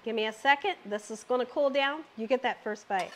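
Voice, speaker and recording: Middle-aged lady chatting thru her cooking vlog, high pitched, talks right at the viewers all excited. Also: brisk, few pauses. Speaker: cooking channel host. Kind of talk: casual cooking vlog chat.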